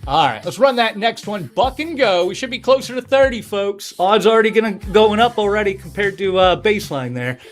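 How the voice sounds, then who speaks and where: A man's voice: high voice, lively intonation, fairly quick, few pauses, soft background music. A man hosting a casual live-stream sale, chatting with viewers and doing card tricks as he talks. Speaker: livestream seller and breaker. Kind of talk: casual livestream selling patter.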